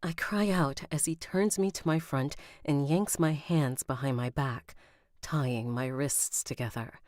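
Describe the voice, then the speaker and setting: A woman's voice: low voice, a little slow, darkish tone, dry recording, clean studio sound. A woman recording an audiobook on a live stream, rereading lines and stopping to comment and laugh at herself. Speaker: audiobook narrator.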